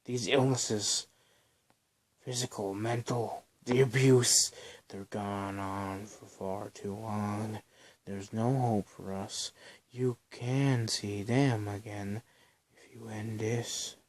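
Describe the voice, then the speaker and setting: A man voicing a ghostly girl in a spoken story who talks softly and slowly, coaxing. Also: on the low side, steady tone. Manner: slow, soft, coaxing. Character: haunting ghostly girl urging despair.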